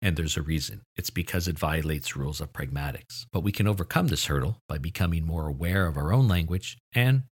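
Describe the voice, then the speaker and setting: A man giving a lecture on how children learn language, in a low, slightly husky voice. He explains steadily and lifts his voice to stress the key points. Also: animated, a little fast, few pauses. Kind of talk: recorded lecture.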